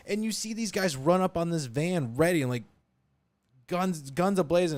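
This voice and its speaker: An excitable man in a casual film chat whose voice swings widely in pitch and sits a touch high. He rambles with energy and swears casually. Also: normal speed. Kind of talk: casual movie discussion.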